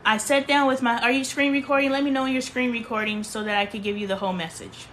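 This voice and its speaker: A woman hosts a casual livestream from her bedroom. Her voice sits fairly high, and she talks in an emphatic, preachy way, circling back to repeat her points. A faint hiss runs under the recording. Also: fairly even intonation, quick pace, fairly bright tone. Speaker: livestream host.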